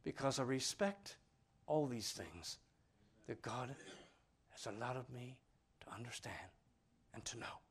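A man preaching a sermon, emphatic and full of questions to his listeners, swinging between loud declarations and hushed asides. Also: medium pitch, lively intonation, measured pace, pauses often, husky.

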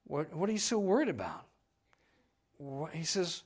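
A preacher delivers a sermon in a fairly high voice full of rising and falling pitch. He swings from loud, shouting lines to hushed ones and plays out the voices of the people in his story. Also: big pitch swings, moderate pace, breathy edge.

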